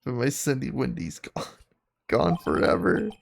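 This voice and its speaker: A man's voice: medium pitch, very animated, measured pace, vocal fry, husky, full character voice. A man reading the lines of a goofy, lovesick young man from a game, in a loose everyday voice, with game music behind. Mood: mopey. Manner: read aloud in a loose everyday voice.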